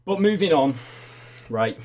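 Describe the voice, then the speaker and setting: A man's voice: a little high, big pitch swings, a little slow, a little mellow. A man hosting a comedic livestream awards show, crude and mocking, with plenty of swearing. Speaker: host.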